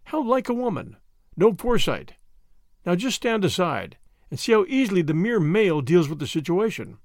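A man's voice: high voice, sing-song, moderate pace, no echo, clean studio sound. A man voicing a confident, teasing young man adventurer in a storybook reading, jaunty and self-assured.

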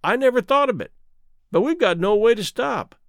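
A man's voice: very high voice, lively intonation, moderate pace, gravelly, dry recording, clean studio sound, pitched above the performer's own voice, heavily acted. A man voicing a young fish patrolman who speaks in a strained, groaning way in a storybook reading. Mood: anxious.

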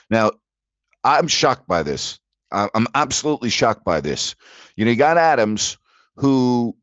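A man's voice: mid-range voice, no room sound, dull audio. A man hosting a sports talk show, ranting in disbelief about the latest league news. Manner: animated, incredulous ranting. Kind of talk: sports talk radio monologue.

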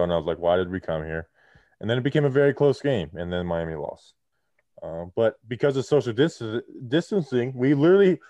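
A man co-hosting a casual sports podcast, talking in an animated, joking way, his voice muffled behind a face shield on a video call. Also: mid-range voice, no room sound. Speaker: podcast co-host. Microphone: muffled behind a clear face shield.

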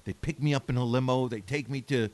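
A man, a comedian from the United States, spins show-business anecdotes on a podcast, slipping into the voices of the people in his stories. His voice sits at a middle pitch and is recorded close and dry, with no room sound around it. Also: quick pace, dry recording. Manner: animated anecdote teller, acts out quoted voices. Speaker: comedian guest. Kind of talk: casual storytelling chat.

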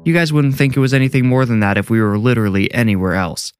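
A man's voice: mid-range voice, fast talker, clean tone, no room sound, soft background music, pitched above the performer's own voice, natural voice. A man voicing a mischievous young prankster who teases and coaxes his friends in a story reading. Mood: teasing. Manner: playful, teasing, coaxing.

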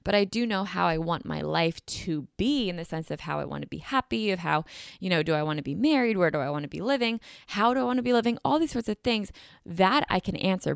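A woman's voice: lowish voice, gravelly, dry recording, clean studio sound. A woman in her twenties giving casual, candid advice straight to camera at home, chatty and full of "like" and "you know". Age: 20s. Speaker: YouTuber and business owner. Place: home room.

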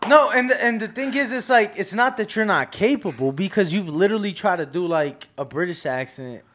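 Co-host: teasing man with a high voice, relaxed delivery. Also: brisk. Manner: teasing, casual. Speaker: podcast co-host. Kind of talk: casual chat.

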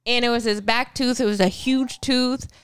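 A woman's voice: on the high side, fairly even intonation, moderate pace, smooth. A woman in her thirties co-hosting a podcast, telling a heartfelt story in an open, chatty way. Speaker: podcast co-host. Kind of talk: casual chat.

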